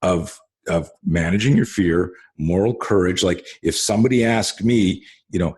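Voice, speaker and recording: Husky low-voiced man telling rambling stories. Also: normal speed, darkish tone. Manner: rambling storytelling with many restarts and swearing. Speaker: host. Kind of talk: casual conversation.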